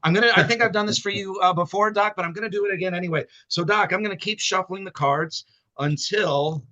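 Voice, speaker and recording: An excitable man with a high, bright voice banters as a guest magician on a live stream. His talk is playful and full of stammering restarts. He comes through a video call mic. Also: fast, lo-fi sound.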